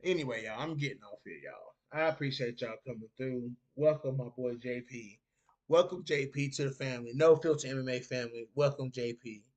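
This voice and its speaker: A man's voice: medium pitch, animated, a little fast. A young man from North Carolina with a Southern accent, hosting a casual live stream, reading chat comments aloud and laughing often.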